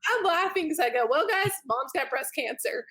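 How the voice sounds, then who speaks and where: A woman, a podcast guest telling a story in a lively way and acting out what others said. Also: high-pitched, normal speed. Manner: animated, laughing, acts out quotes. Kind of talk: casual storytelling.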